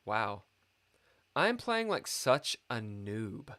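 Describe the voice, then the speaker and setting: A man's voice: medium pitch, very animated, takes it slowly, a bit bright. A man streaming a live chess game, muttering and swearing in frustration at his own moves, complaining of a dry mouth.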